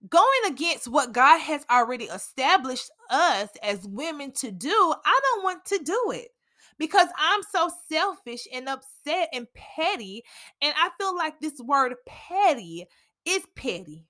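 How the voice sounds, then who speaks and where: A young woman hosts a casual faith podcast, talking candidly and a bit preachily, with dramatic asides to herself. Her voice sits high with a sharp tone, animated though a little slow.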